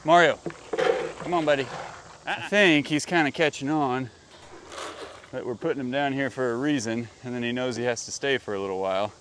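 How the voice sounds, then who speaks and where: A man's voice: medium pitch, brisk, noisy background. Casual man chatting on his farm. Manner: chatty, talks fondly to the animals. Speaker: farm vlog host. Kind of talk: casual chat while doing farm chores. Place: outdoors on a farm.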